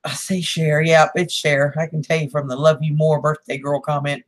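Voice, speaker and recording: A woman's voice: sits low, level tone, moderate pace. A woman, hosting a casual livestream, chatting with viewers, greeting them by name and laughing often. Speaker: livestream host.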